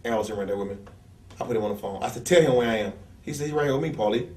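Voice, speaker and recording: A man's voice: medium pitch, very fast, a little mellow. A man telling stories in a blunt, profane rant as an interview guest, acting out the people he quotes. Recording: echoey room, distant from mic.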